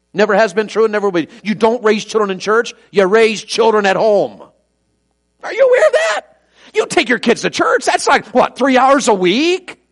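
A man preaching an evening sermon, swinging from loud fervent preaching to soft, tender asides and reading scripture in old-fashioned wording. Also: high-pitched. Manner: reads scripture aloud in King James wording.

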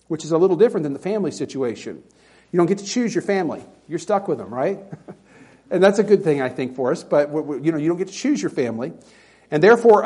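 Husky-voiced man preaching a folksy sermon. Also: fairly high pitch. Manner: folksy storytelling with animated quoted voices. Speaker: pastor.

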